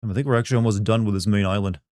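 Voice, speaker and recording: A man's voice: on the low side, fairly even intonation, very fast, dark tone, no echo. A man streaming a video game, giving sarcastic, rambling casual commentary. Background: game sounds.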